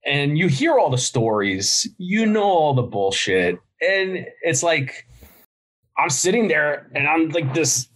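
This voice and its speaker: A man's voice: fairly high pitch, big pitch swings, slow pace, fairly bright tone. A middle-aged man, a podcast guest and business founder, telling stories bluntly in casual interview talk and swearing freely.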